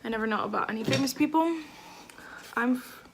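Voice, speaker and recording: A woman's voice: fairly high pitch, brisk, a little hiss or hum. A woman beauty vlogger chatting through a makeup tutorial at home, gushing and effusive, with lots of fillers. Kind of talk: casual makeup tutorial chat.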